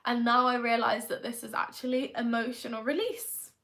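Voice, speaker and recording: Bright chatty young woman vlogging. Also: a little high, steady tone, normal speed. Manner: chatty, rambling, tag questions. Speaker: manifestation coach. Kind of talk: confessional vlog monologue.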